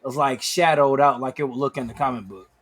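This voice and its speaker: Husky-voiced man chatting about collectibles. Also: medium pitch, steady tone, fairly quick, fairly bright tone. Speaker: podcast co-host. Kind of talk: casual podcast chat.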